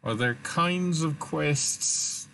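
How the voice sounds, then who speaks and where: A man running a tabletop game session, easygoing and quick to laugh. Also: fairly high pitch, creaky, a bit bright, faint music behind. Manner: slow, easygoing, laughs often. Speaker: game master. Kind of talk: casual tabletop session talk.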